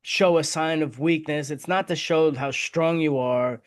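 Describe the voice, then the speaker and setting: A man's voice: fairly high pitch, measured pace. A middle-aged man, a victim advocate and interview guest, talking candidly and from the heart, often repeating words as he searches for them. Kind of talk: casual conversation.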